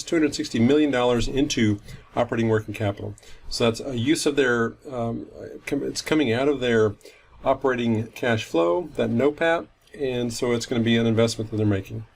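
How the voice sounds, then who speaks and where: A man's voice: mid-range voice, moderate pace, gravelly, darkish tone. A man teaching finance in a recorded lecture, explaining step by step and often correcting himself mid-sentence. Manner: methodical, self-correcting explanation. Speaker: finance instructor.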